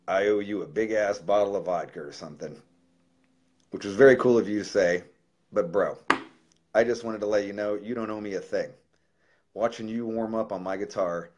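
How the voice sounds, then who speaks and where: Brief: man, very low voice, cursing musician on a casual livestream, reading a heartfelt letter. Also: darkish tone. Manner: profane, loose and heartfelt.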